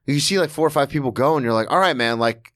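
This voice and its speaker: A man's voice: medium pitch, fast, fairly bright tone, dry recording, studio quality. A man in his thirties, a stand-up comedian, chatting casually, rambling and swearing as he acts out what people said. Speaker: stand-up comedian, podcast host. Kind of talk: casual chat.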